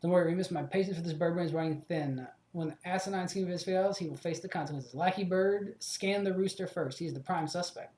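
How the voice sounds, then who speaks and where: A curt, commanding noblewoman, put on by a man. She snaps out quick orders with clipped authority. The voice sits a little high and rings in a roomy space. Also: a little mellow, slight background noise, lightly acted. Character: commanding aristocratic female leader, impatient. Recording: echoey room.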